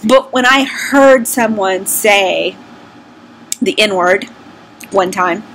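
A woman's voice: mid-range voice, drawn-out words, fairly bright tone, slight background noise, rough recording. A middle-aged woman with a Southern US accent, candidly and self-deprecatingly telling personal stories to her vlog audience in a casual, conversational way. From American South. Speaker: vlogger.

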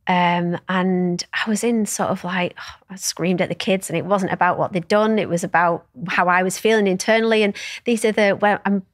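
A woman's voice: mid-range voice, steady tone, moderate pace, dry recording. Candid woman guest, dry close sound. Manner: open, reflective, swears freely. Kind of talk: candid conversational storytelling.

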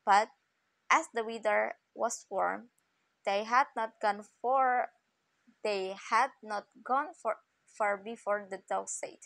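Slow, gravelly woman reading a fairy tale. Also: mid-range voice, fairly even intonation, a bit bright, no echo, low-quality recording. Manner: careful reading with frequent restarts. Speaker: reader.

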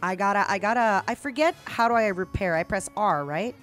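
A young woman streaming a video game, chatting casually with viewers in excitable bursts. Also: mid-range voice, fairly quick. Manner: excitable, yelling and laughing bursts. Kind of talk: casual gameplay commentary. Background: game music.

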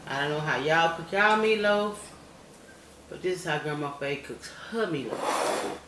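Echoey older grandma cooking. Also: female voice, low-pitched, animated, unhurried. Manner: folksy, chatty, keeps asking "okay?" and calls viewers y'all and baby. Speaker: home cook. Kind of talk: cooking demonstration vlog. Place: home kitchen. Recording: echoey room with loud background noise.

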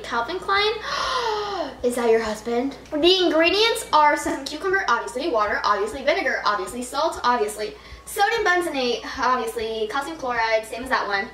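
A woman's voice: high voice, fairly bright tone. A woman rambling through a casual food-tasting vlog, talking to the camera and making fun of herself. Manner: rambling and self-mocking, talks to the camera. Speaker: vlogger. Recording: echoey room with faint noise.

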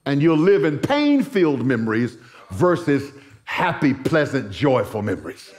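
A man's voice: mid-range voice, sing-song, a little slow, darkish tone. A middle-aged male pastor preaching a sermon in church, telling stories with folksy asides to the congregation. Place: church sanctuary.

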